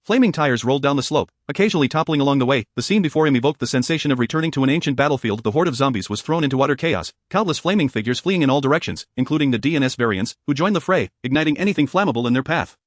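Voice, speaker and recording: A man narrating an audiobook in a brisk, even storytelling manner. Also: medium pitch, no echo, studio quality.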